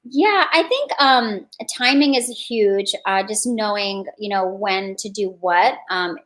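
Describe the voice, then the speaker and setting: A woman's voice: mid-range voice, slow, fairly bright tone. A young woman, a guest on a radio show, talking about her acting ambitions in a casual, filler-heavy, self-reflective way. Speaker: guest, aspiring action actress. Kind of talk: radio interview.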